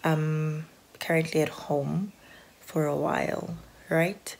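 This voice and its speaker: A woman's voice: sits low, level tone, takes it slowly, vocal fry, a little mellow, a little hiss or hum. A South African woman chatting casually to her phone camera at home, rambling and anxious, with lots of filler words. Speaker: vlogger. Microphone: handheld phone.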